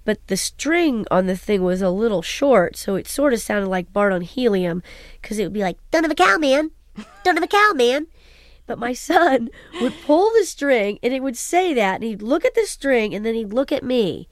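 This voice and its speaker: Animated woman telling stories, dry sound. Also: fairly high pitch, moderate pace, no room sound. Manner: animated storytelling, laughs often. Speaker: voice actress, interview guest. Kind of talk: casual interview talk.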